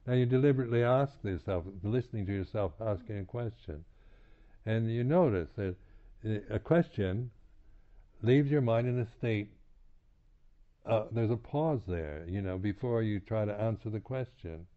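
During a retreat, a male meditation teacher with a lowish voice gives a reflective dharma talk. His delivery is halting and full of restarts and repeated words, and he chuckles quietly as he moves between points. The sound is thin and phone-like.

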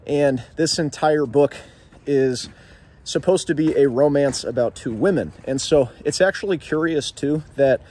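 A man's voice: mid-range voice, darkish tone. A young man hosting a casual video about a novel, talking while walking along an outdoor street. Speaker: literature video host. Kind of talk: casual literary discussion vlog.

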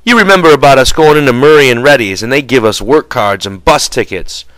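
A rough, sharp-tongued working man, voiced by a male reader, snapping his words out in a curt, scolding tone. The audiobook recording is dry and close. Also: mid-range voice, brisk, no echo, voice pushed up, natural voice, rough recording. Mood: impatient.

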